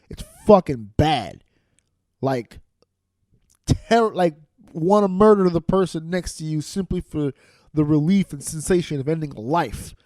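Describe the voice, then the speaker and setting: Ranting man with a mellow, dry voice. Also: a little high, no echo. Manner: loud, angry, swearing storyteller. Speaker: podcast host. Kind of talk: profane comic rant. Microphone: studio microphone.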